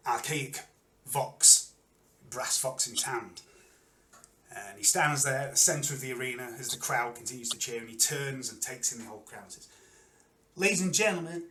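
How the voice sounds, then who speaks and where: Male GM narrating a tabletop game; bright tone, unhurried, roomy echo. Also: mid-range voice, a little hiss or hum. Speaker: game master.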